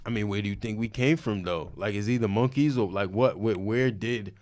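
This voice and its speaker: A man's voice: on the low side, a little fast, darkish tone, no room sound, clean studio sound. A man co-hosting a casual podcast chat, arguing insistently and animatedly in profane street slang. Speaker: podcast co-host.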